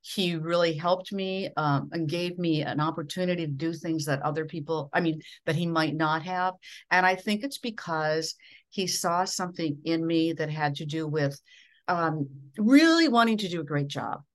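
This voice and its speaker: A woman's voice: low-pitched, moderate pace. A middle-aged woman from Minnesota, a veteran television newscaster, telling stories from her career in an earnest way. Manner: earnest, with frequent restarts and quoted dialogue. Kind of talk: reflective storytelling in an interview.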